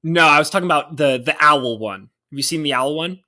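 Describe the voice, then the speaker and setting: A man hosting a podcast, chatting casually in an excitable, rambling way. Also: a little high. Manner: excitable, rambling, quick to laugh. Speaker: podcast host.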